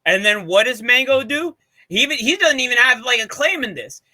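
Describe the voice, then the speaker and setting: Guy on a podcast, kinda high voice, super bright and sharp, swears a lot, hyped up. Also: lively intonation, brisk. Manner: loose, profane, enthusiastic storytelling. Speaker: podcast co-host presenting a segment. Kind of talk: casual chat.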